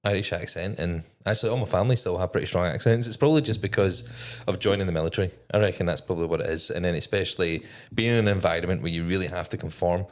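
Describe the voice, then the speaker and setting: A low-voiced man in his thirties talks in a Scottish accent worn down toward Australian. He rambles loosely, laughs easily and swears freely, like a guest in a relaxed podcast chat. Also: very fast, hardly any pauses. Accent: Scottish, softened by Australian. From Scotland. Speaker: podcast guest, navy veteran. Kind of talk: casual chat.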